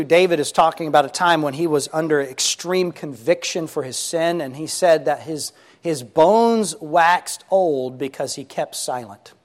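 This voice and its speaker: A man's voice: high-pitched, in a large hall. A man preaching a sermon, earnest and emphatic, repeating his key points.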